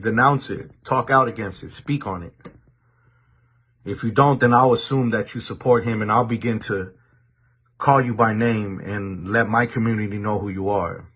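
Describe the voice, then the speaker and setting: A man from the Los Angeles area speaking straight to his viewers in a monologue, with a deliberate warning tone and frequent repeated words as he restarts sentences. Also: medium pitch, a bit bright, breathy edge. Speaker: commentator addressing viewers. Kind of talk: direct-to-camera monologue.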